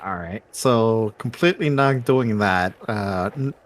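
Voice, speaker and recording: A man's voice: on the low side, measured pace, faint music behind. A man playing in a tabletop game, making brief, offhand remarks. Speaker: player. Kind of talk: casual tabletop game play.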